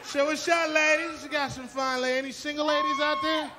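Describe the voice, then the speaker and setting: High-voiced brash stand-up comic. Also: male voice, fairly quick. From Haiti. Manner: brash, profane, animated storytelling. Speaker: stand-up comedian. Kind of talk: stand-up comedy set. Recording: live club with loud crowd and noise.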